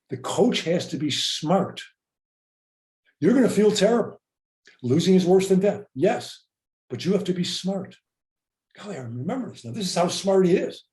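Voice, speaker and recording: A man's voice: fairly high pitch, a little mellow, reverberant. An older man hosting a podcast, reflecting earnestly and often repeating words as he speaks. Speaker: podcast host. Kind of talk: reflective interview talk.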